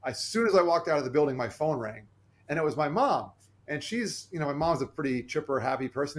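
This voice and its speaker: A man who is a podcast guest, telling a personal story in an earnest, animated way and acting out the voices he quotes. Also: on the high side, fast talker.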